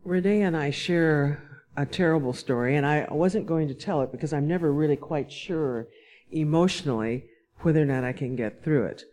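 A woman from Alabama, a panelist, telling personal stories in a panel discussion in a wry, measured way. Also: sits low, dark tone.

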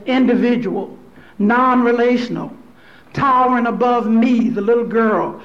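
A woman from Louisville, Kentucky, giving a lecture with storytelling, speaking deliberately in repeated, list-building phrases. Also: fairly high pitch, dull audio. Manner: deliberate, repetitive preacherly cadence building lists. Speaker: speaker on theology.

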